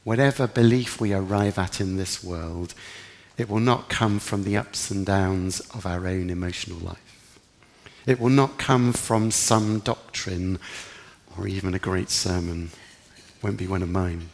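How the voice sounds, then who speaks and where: A man preaching in a church, his earnest and reflective delivery sitting fairly low with a gravelly edge. His words ring out with a long hall echo. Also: measured pace. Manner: earnest, reflective, rising with emphasis in quoted prayers. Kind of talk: sermon.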